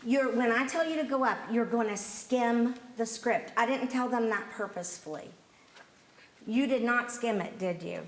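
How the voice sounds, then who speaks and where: A woman coaching an acting workshop, brisk, bubbly and directive. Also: fairly high pitch. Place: theatre workshop room. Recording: echoey room with faint noise.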